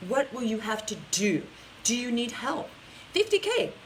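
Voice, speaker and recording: A woman's voice: fairly high pitch, normal speed, a little hiss or hum, low-quality recording. A woman business coach hosting a casual live stream, chatting straight to her viewers in an upbeat, talkative way, with frequent restarts.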